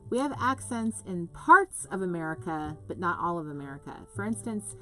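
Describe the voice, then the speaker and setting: A woman's voice: lowish voice, very animated, moderate pace, a bit bright, soft background music. A woman from the US West Coast hosting a live craft stream, chatting casually and reading out viewer comments in a rambling, gushing way.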